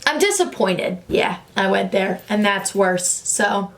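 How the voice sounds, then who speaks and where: A young woman talking casually to camera about football, animated and gushing, sometimes tripping over herself with excitement. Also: medium pitch, slow. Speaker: sports vlogger. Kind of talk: casual football reaction vlog.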